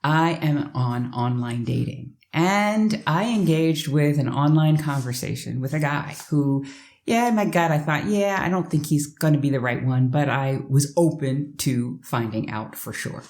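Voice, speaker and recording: A woman's voice: deep voice, unhurried, a little mellow. A woman who works as a life coach, telling a personal story to the camera in a chatty way with asides to the viewer. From United States.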